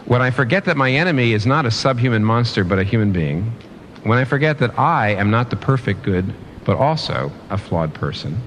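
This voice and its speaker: A man's voice: mid-range voice, lively intonation, a little fast, a bit bright, slight background noise. A man preaching a sermon in an earnest way, often restarting and repeating phrases for emphasis.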